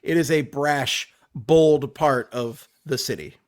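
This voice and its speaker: A man's voice: mid-range voice, takes it slowly, a little mellow. A man co-hosting a podcast in casual chat, joking in a sardonic way. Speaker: podcast co-host.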